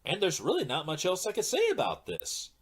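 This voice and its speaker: Animated man reviewing movies. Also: sits high, a little fast, breathy edge. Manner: animated, mocking impressions. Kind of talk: casual comedic review chat.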